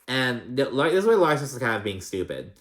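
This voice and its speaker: A man's voice: mid-range voice, sing-song, fairly quick, a bit bright. A man casually recapping a reality show, chatty, sassy and profane, with many filler words. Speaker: recap vlogger.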